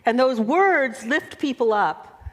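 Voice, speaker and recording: Female minister, slightly high voice, expressive sermon delivery. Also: takes it slowly. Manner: expressive, chant-like repetitions. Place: church sanctuary.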